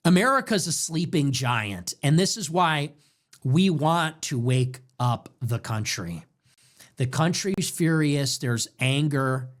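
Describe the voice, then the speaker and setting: A young man hosting his own show, delivering an impassioned political commentary monologue full of rapid rhetorical questions. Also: a little high. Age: young adult. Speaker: show host.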